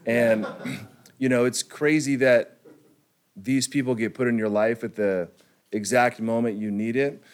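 A young man from California tells his own story to a group in a relaxed, slangy way. He fills his talk with "like" and "you know" and chuckles often. His voice sits at an ordinary pitch for a man. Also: unhurried, clear, resonant tone. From California, United States. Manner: laid-back slangy storytelling, heavy on "like", chuckling. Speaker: recovery speaker sharing his story. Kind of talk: personal testimony to a group.

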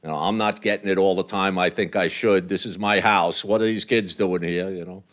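A man's voice: deep voice, fairly even intonation, a little fast, a bit bright. An older man speaking bluntly and earnestly to a men's recovery group, in plain language with some cursing. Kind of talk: candid talk to a men's group.

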